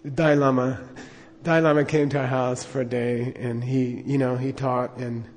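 A man's voice: mid-range voice, flat delivery, moderate pace, big-room sound, a little hiss or hum. A middle-aged man telling a personal anecdote in a rambling way, with lots of fillers and chuckles. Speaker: storyteller.

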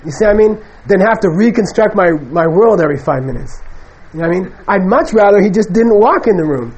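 Male Buddhist teacher, higher pitched, loose and animated lecture delivery. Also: fairly quick, slight background noise, low-quality recording. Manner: conversational, animated, acts out quoted people. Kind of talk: casual spoken dharma lecture.

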